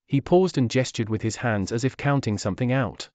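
Steady male story narrator, dry. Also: medium pitch, a little fast, few pauses, dry recording.

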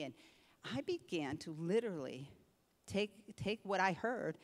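An older woman pastor preaching a sermon with animated delivery, dropping to a hush and then rising to force. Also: lowish voice, a little slow. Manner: animated preaching, swinging between hushed and forceful. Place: church sanctuary. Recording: reverberant church hall.

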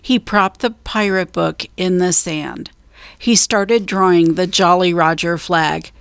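A woman storyteller reading a children's book aloud, slow, clear and deliberate. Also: lowish voice, fairly even intonation, no room sound.

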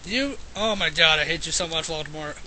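A man with a high, piercing voice narrates his own gameplay with constant profanity. He taunts and trash-talks an on-screen villain and breaks into yelling bursts. A faint hiss sits under the recording. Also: fairly quick. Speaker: let's play gamer.

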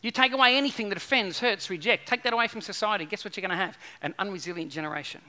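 Animated high-voiced male preacher. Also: racing. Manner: animated preaching with repeated phrases and acted-out quotes. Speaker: pastor. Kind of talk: sermon.

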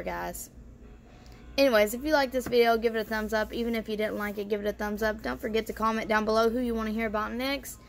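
A woman's voice: a little high, a little hiss or hum. A woman vlogger telling a family story in casual style, bluntly and with free swearing. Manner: blunt, swears freely, lots of "you know" fillers.

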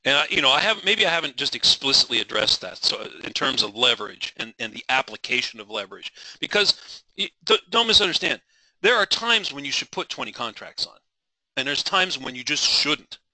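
A man's voice: medium pitch, big pitch swings, fairly quick, sharp tone, no room sound, low-quality recording. A middle-aged man leading a live trading webinar, passionate and driven, rambling with frequent restarts and apologies.

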